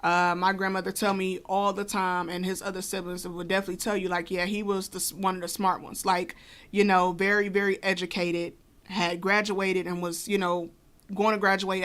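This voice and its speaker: A woman's voice: fairly low pitch, a bit bright. A woman co-hosting a podcast, telling a personal story casually with many fillers and asides. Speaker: podcast co-host.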